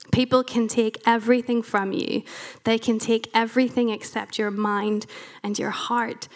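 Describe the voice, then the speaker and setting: A young woman with an Irish accent giving a conversational church talk, chatty and animated, with self-deprecating asides. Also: fairly high pitch, normal speed. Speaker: preacher.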